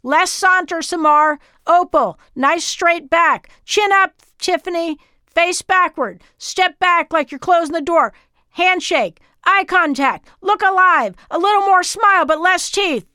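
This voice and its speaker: A woman voicing a brisk adult pageant coach who barks clipped, bossy commands in a high, loud voice. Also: no echo, studio quality, heavily acted. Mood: commanding.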